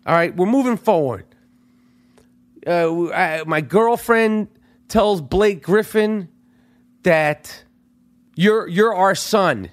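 A middle-aged man hosting a podcast, telling a story in a profane, animated monologue that swings between loud outbursts and hushed asides. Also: high voice, takes it slowly, long pauses. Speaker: podcast host.

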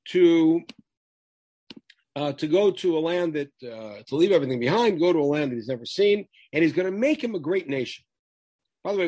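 A man's voice: fairly high pitch, darkish tone, slightly rough, no room sound. A man teaching a Torah lesson, quoting Hebrew verses and translating them emphatically. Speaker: Bible teacher.

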